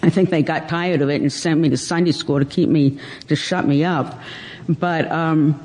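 A woman's voice: low-pitched, fairly even intonation, moderate pace, a little mellow. A woman giving a personal testimony at church, emotional and hesitant, holding back tears. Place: church hall. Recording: long hall reverb.

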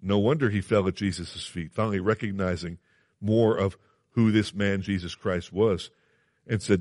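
A man's voice: fairly low pitch, steady tone, moderate pace, a little mellow, no echo, studio quality. A man preaching a sermon, earnest and emphatic, repeating phrases and asking his listeners questions.

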